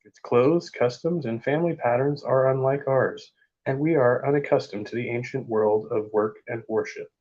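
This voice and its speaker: A man casually reading book passages aloud in a vlog, with offhand asides and halting attempts at French. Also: medium pitch, darkish tone, muffled recording. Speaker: vlogger.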